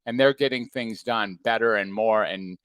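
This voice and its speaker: A man, a former psychiatrist now working as a coach, giving a calm and reflective talk to an audience. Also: on the low side, moderate pace, clear, resonant tone, no echo.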